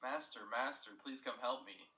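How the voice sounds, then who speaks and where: A man's voice: medium pitch, normal speed, pushed and bright, echoey room, recorded from a distance. A man voicing a cheerful, murderous male children's-show puppet in a sing-song cheery way. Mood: pleading.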